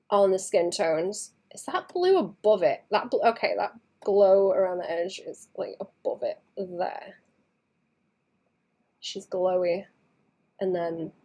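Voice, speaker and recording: A woman livestreaming her painting, chatting casually and thinking aloud in soft mutters that trail into whispers, second-guessing her work. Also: mid-range voice. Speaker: artist streaming her painting.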